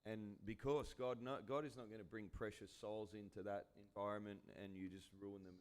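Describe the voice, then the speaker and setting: An Australian man, a pastor, leading a relaxed church interview. He talks earnestly and halts and restarts his sentences as he goes. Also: lowish voice, brisk, clean tone.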